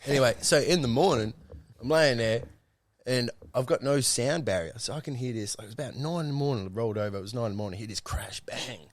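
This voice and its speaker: A man's voice: mid-range voice, quick pace, dry recording. A young man telling a rambling, sweary story to his mates on a casual podcast. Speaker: podcast co-host.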